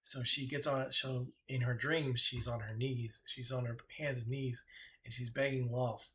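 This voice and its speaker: A man, an author, casually retelling a story, halting and repeating himself with many fillers. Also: mid-range voice, flat delivery, a bit bright, a little hiss or hum.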